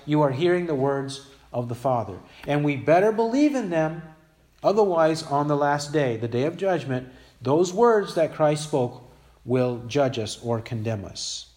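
A man preaching a sermon, reading scripture aloud and repeating key phrases with emphatic, earnest delivery that sometimes sinks to a quiet intensity. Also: a little high, expressive, measured pace.

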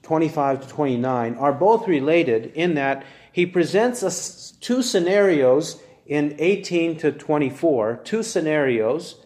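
A man preaching a sermon, building his points through earnest, measured rhetorical questions. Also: on the high side, expressive, darkish tone, echoey room.

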